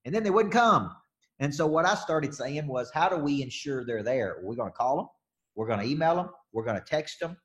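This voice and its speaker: A man's voice: mid-range voice, expressive, fairly quick. A man coaching on sales during a live webinar, talking emphatically and repeating his points as he answers questions.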